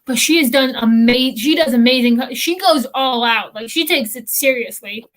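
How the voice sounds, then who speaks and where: A woman's voice: sits high, moderate pace. A young woman, co-hosting a casual chat and rambling with lots of fillers and restarts. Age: young adult. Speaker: podcast co-host.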